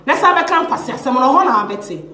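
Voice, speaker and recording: A woman's voice: sits high, expressive, quick pace, pushed and bright, reverberant. A woman with a Ghanaian English accent, an activist ranting on a social media video in an impassioned, confrontational way and mixing in Twi phrases. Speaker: activist campaigner.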